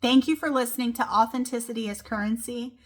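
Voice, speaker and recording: Woman podcaster, young adult, casual filler-heavy talk, slightly high voice. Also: steady tone, a little fast. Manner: casual with many fillers like "like" and "you know". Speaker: podcast host. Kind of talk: solo motivational podcast talk.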